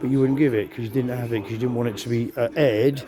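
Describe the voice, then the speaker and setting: A man's voice: mid-range voice, fairly even intonation, fast talker, crowd noise. A man giving a rambling, aggrieved, profane monologue straight to camera as a vlogger.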